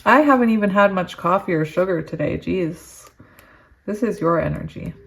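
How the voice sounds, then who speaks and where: Tarot reader, female, slightly low voice; slow soothing card reading, excitable laughing asides. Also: vocal fry. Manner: giddy and excitable, laughs often. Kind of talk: reading oracle cards aloud with chatty asides.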